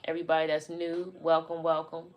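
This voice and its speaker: A woman's voice: deep voice, completely flat delivery, a little fast, lo-fi sound. A woman hosting a casual livestream from home, laid-back and chatty with her viewers. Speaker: livestream host. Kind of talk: casual live chat. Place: indoors at home by a window.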